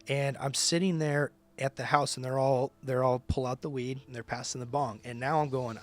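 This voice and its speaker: A man's voice: mid-range voice, fairly even intonation, moderate pace, few pauses, fairly bright tone. A man who leads a ministry, telling his personal testimony in conversation with emphatic, casual storytelling. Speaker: ministry leader.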